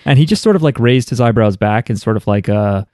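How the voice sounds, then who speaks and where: A man's voice: on the low side, brisk, mellow, no echo, studio quality. A man co-hosting a podcast, chatting casually with wry asides. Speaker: podcast co-host. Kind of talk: casual chat.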